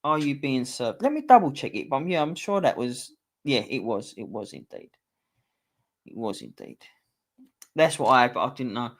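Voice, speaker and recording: A man's voice: mid-range voice, lively intonation, a little fast, a bit bright. A man with a London accent, hosting a casual live-stream quiz, chatty and teasing, swearing freely. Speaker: host reading a quiz to a live chat.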